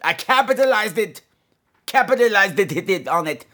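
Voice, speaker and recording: A man voicing a gleeful, vicious male gargoyle on a comedy podcast, gloating and swinging between shrill squeals and low growls. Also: sing-song, normal speed, pushed and bright, heavily acted. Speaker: podcast host. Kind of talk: comedy podcast character monologue.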